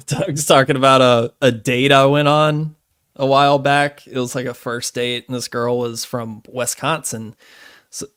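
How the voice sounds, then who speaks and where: In clean, echo-free studio audio, a podcast co-host speaks a little slowly in a mid-range voice that is clear, resonant, and a bit bright, with fairly even intonation. He's relaxed in casual conversation, cursing freely and laughing a lot.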